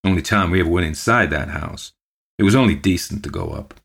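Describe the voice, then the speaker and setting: Old country postmaster, low and soothing, read by a male narrator. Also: a little fast, vocal fry, husky, full character voice. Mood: earnest. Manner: calm, placating, murmuring.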